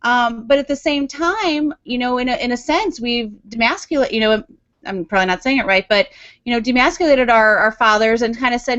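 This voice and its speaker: A woman's voice: on the high side, brisk, a bit bright. A woman hosting an interview, affirming the guest and asking long, rambling questions with restarts. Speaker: interview host. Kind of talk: conversational interview. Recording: dull lo-fi audio.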